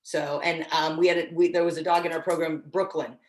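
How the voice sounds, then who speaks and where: Woman dog-training instructor, lowish voice, casual and encouraging, echoey room. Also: flat delivery, a little fast. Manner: casual, encouraging, with frequent restarts. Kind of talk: online training class.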